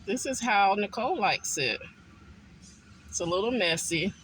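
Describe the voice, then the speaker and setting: A man eating a meal in a car and chatting casually to his viewers, unhurried and full of ums. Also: sits high, animated, a bit bright, slight background noise, poor audio. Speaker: food vlogger. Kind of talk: casual mukbang chat.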